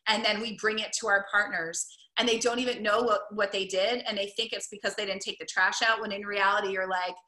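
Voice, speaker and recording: A woman's voice: medium pitch, fairly even intonation, brisk, few pauses, bright, forceful tone. A woman coaching in a casual, upbeat talk, full of "like" and "right?". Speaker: wellness coach. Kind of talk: casual teaching talk to camera. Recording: echoey room.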